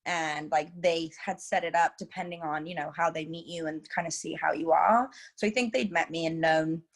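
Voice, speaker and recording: A chatty young woman from England, now a reality show contestant, is an interview guest in a casual chat. Her accent blends British and Los Angeles, her voice is deep and moderately paced, and she's lively, using many "like" and "you know" fillers.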